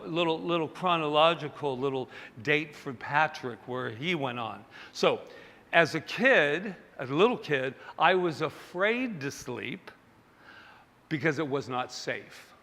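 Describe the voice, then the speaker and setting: A man's voice: a little high, sharp tone. A male minister giving a sermon in a conversational, self-deprecating way, talking straight to his congregation. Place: church sanctuary. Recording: long hall reverb.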